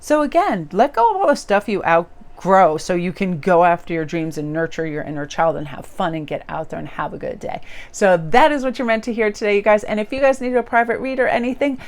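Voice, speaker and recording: A woman giving a casual tarot reading to camera, chatty and upbeat, with many "you know"s and big jumps in pitch for emphasis. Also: fairly quick, hardly any pauses. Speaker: tarot reader. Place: indoors near a window.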